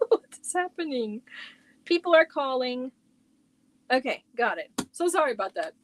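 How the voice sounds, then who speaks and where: Female host, bright higher register, relaxed slow chatty delivery, casual at-home stream. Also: slight background noise, rough recording. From Germany. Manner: chatty, reacts to viewer comments while showing yarn. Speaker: crochet livestream host. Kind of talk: casual livestream chat.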